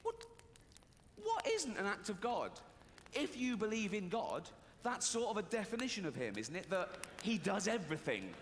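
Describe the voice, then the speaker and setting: A man's voice: high-pitched, huge pitch swings, normal speed. A man performing a profane, sardonic stand-up comedy routine on an arena stage. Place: large concert arena stage. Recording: arena recording with long reverb and audience noise.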